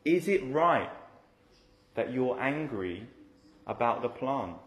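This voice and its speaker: Male preacher, mid-pitched, chatty expository sermon style with rhetorical tag questions, recorded in a reverberant room. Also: very animated, slow, pauses often.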